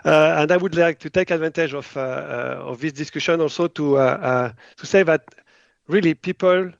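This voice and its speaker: A man's voice: fairly high pitch, moderate pace, vocal fry, no echo, lo-fi sound. A man with a French accent, a biotech company head, answering in a podcast interview, hesitant and full of fillers. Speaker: biotech company CEO, guest.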